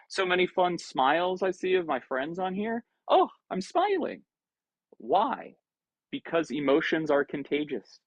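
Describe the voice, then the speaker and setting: A man giving a casual Buddhist talk on a video call, conversational and animated, acting out his own inner voices. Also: on the high side, no room sound, rough recording. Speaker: Buddhist teacher. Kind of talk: dharma talk to an online group.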